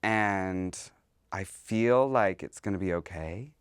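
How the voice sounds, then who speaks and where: A man's voice: sits low, takes it slowly, clean tone, no room sound, studio quality. A man, a drag performer, talking candidly as a podcast guest and slipping into other people's voices while telling stories. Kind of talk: casual interview.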